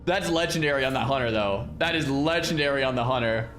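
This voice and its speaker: A man's voice: medium pitch, fast talker, fairly bright tone, soft background music. Chatty streamer man reacting to clips. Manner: chatty, repeats himself, addresses viewers. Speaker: streamer host. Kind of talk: casual reaction commentary.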